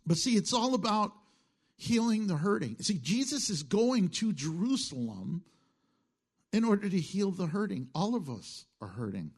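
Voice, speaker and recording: A middle-aged man preaching a sermon with a high, husky voice. He talks to the congregation in a conversational way, dropping into quiet asides and then lifting into emphatic lines. He chuckles at his own jokes. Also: sing-song, moderate pace. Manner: conversational preaching, swings between hushed and emphatic. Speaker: pastor.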